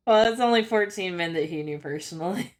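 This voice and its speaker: A woman's voice: fairly low pitch, brisk. A woman chatting casually on a stream with friends, giggly and playful. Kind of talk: casual group chat on a live stream.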